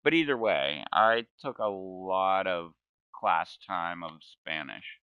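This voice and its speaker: A man's voice: sits low, expressive, slow, clear, resonant tone, no echo, narrow, tinny audio. A man in his forties telling a meandering story while gaming, often correcting himself and laughing. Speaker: gaming channel host.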